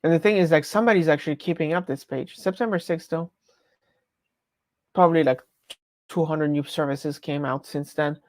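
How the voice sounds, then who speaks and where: A woman's voice: low-pitched, normal speed, pauses often, a little mellow, dry recording. A woman with a French accent chatting casually on a live stream, rambling and breaking off her own sentences. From France. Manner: rambling, chatty, self-interrupting.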